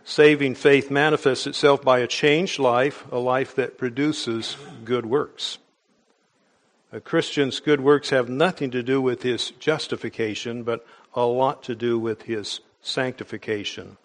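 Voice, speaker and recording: A man preaching a sermon in a measured, explanatory way, with small restarts as he goes. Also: mid-range voice, steady tone.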